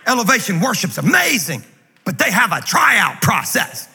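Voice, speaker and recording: High-voiced joking preacher man. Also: normal speed. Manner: energetic, joking, conversational preaching. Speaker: guest pastor. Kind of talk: sermon. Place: large church auditorium. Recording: reverberant hall, faint noise.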